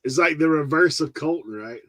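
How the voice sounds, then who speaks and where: A man's voice: on the high side, a little fast, rough recording. A man co-hosting a casual chat, telling stories with lots of laughter. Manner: storytelling, animated, laughing. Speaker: podcast co-host.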